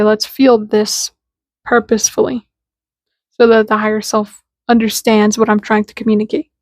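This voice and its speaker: Woman, casual spiritual talk, chatty, slangy, fairly high voice, dry close sound. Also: darkish tone, no room sound. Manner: chatty and informal, acts out little dialogues in quotes; slangy, with lots of "like" fillers. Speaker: spiritual content creator.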